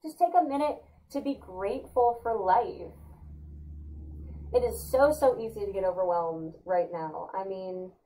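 A woman's voice: unhurried, a little hiss or hum, low-quality recording. Playful, upbeat woman host. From California. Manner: upbeat, playful, jumps into high excited put-on exclamations. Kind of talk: casual weekly spiritual talk.

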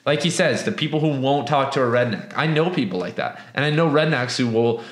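A young man from the West Coast giving a casual, rambling book review, profane and animated, with many restarts. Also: medium pitch, brisk. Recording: echoey room.

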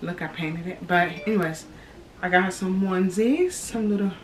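A woman's voice: on the low side, normal speed. Chatty pregnant woman in an echoey room. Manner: chatty, addresses viewers as y'all. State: heavily pregnant, a bit out of breath. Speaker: vlogger, expectant mother. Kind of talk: casual pregnancy update. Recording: echoey home room, distant camera mic.

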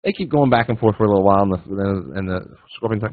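A man's voice: on the low side, fast. A man giving a casual, folksy trading lesson as a guest speaker, repeating phrases and acting out little voices in his stories. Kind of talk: casual webinar teaching. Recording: dry tinny phone-like line.

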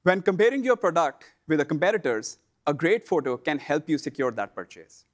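A man gives a scripted how-to lesson for online sellers; his pitch is fairly high and his intonation lively, though the delivery stays measured and explanatory.

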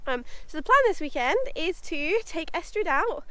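A woman's voice: high voice, lively intonation, moderate pace, sharp tone, no echo. A woman vlogging casually outdoors at a horse yard, a little out of breath from walking, talking chattily to the camera and to her horses. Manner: chatty, talks to her horses in a fond baby voice. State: a bit out of breath from walking uphill. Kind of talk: casual vlog chat.

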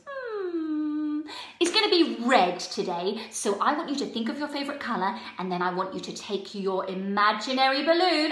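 Animated woman teaching young kids. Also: on the high side. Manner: animated and encouraging, with exaggerated teacher cues. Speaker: children's drama teacher. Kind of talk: lively lesson for young children. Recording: echoey room from far off.

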